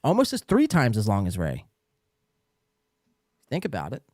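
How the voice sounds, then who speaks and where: A male podcast host with a very lively, swooping delivery, who swears freely and mimics accents. The sound is close and dry, with no room around it. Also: mid-range voice, normal speed, no echo. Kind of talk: casual podcast chat.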